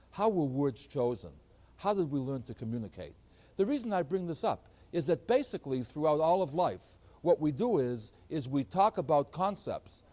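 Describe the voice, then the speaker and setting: A man giving a math lecture, explaining ideas in an animated, emphatic way. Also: mid-range voice. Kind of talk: classroom lecture.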